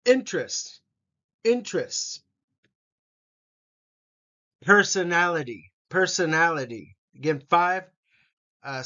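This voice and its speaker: A man teaching English vocabulary, saying each word slowly and repeating it for learners to copy. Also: fairly high pitch, bright, forceful tone, lo-fi sound. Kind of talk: vocabulary pronunciation lesson.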